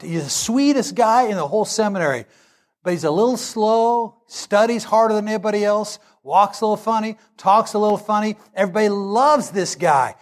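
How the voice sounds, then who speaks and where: High-voiced, animated male preacher. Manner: animated storytelling, swells into shouting. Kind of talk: sermon.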